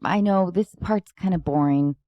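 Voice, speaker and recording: Woman host, casual and playful, slightly low voice, dry close-miked sound. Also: normal speed, no room sound, dull audio. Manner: chatty, playful, rambling with frequent laughs. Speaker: podcast host. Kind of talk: casual chat. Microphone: close podcast microphone.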